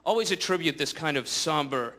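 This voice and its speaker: Sardonic stand-up comic on stage. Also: male voice, a little high, expressive, brisk, sharp tone. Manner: rambling, sardonic, acts out voices. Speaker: stand-up comedian. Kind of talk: stand-up comedy. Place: theater stage before live audience. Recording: live stage with noisy crowd.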